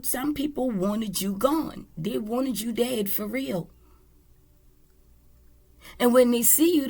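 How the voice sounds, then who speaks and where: Woman tarot reader, unhurried and blunt, casual spiritual talk with cursing. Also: medium pitch, a little mellow, slightly rough. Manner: blunt and candid, with swearing.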